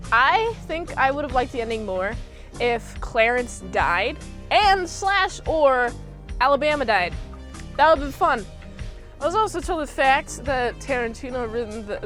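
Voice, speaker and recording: A woman's voice: sits high, fairly bright tone. A young woman casually recapping a movie, rambling with lots of fillers and popping into goofy impressions of the characters. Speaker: movie reviewer.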